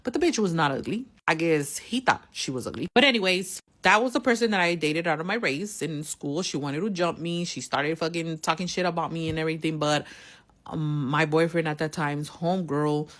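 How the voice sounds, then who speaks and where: A woman's voice: deep voice, fairly quick, fairly bright tone. A woman casually telling a personal story, swearing heavily in street slang and acting out each person she quotes.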